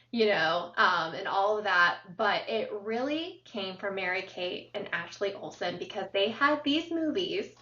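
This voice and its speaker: A woman co-hosting a podcast, chatting casually as an animated storyteller who fills her talk with ums and uhs. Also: medium pitch. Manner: animated storyteller, lots of fillers. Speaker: podcast co-host. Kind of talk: casual chat. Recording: roomy, distant, dull sound.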